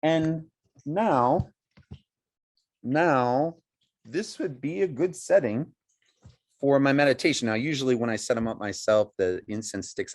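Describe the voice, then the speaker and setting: A middle-aged man guides a meditation lesson outdoors, speaking in an unhurried, reflective way. He pauses often and circles back on his words, with a voice of ordinary pitch for a man. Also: lively intonation. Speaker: meditation teacher. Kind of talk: spoken meditation instruction. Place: outdoors by woods.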